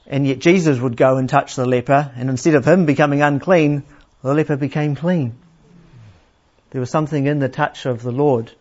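A man preaching a sermon in a plain, unhurried teaching manner, asking his listeners questions. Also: mid-range voice, darkish tone. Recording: slightly dull, lo-fi sound.

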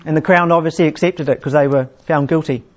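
A man preaching a sermon in a conversational way, restarting phrases often and slowing down to read scripture with emphasis. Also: a little high, fairly even intonation. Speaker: pastor. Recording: dull lo-fi sound.

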